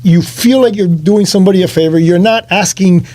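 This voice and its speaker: A high-voiced man from the Miami area hosts a casual chat, telling a story fast and animatedly while acting out voices. He speaks English and Spanish, though Spanish isn't his first language.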